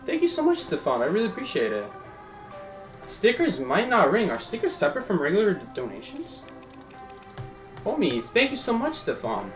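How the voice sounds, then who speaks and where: A man's voice: fairly high pitch, a bit bright. A young man giving chatty, casual commentary while live-streaming a game and thanking his viewers.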